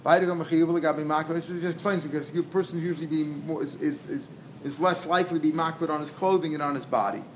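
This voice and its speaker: A man with a fairly high voice teaches a Talmud lesson in a loose lecture style. He repeats phrases and acts out both sides of the dialogue, mixing in Hebrew and Aramaic terms. A faint noise runs behind him. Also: moderate pace. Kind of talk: lecture explaining a text.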